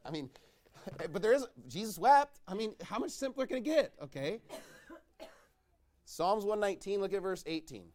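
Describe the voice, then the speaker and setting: A male pastor preaching a sermon, reading scripture slowly and swinging between loud shouted calls and low quiet asides. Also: lively intonation. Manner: reads scripture in slow, drawn-out cadence.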